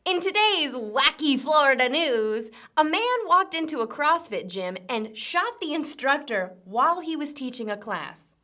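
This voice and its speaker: A woman's voice: sits high, sing-song, unhurried, few pauses, pushed and bright. A young woman hosting a comedic news rundown, delivering sarcastic punchy jokes. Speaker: host.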